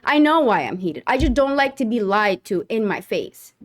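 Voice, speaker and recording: A woman's voice: medium pitch, sing-song, normal speed. A woman giving sarcastic, indignant reaction commentary.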